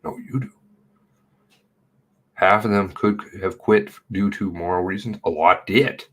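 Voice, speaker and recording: A middle-aged man giving casual, sarcastic running commentary on a livestream, blunt and quick to swear. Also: sits low, steady tone, a bit bright.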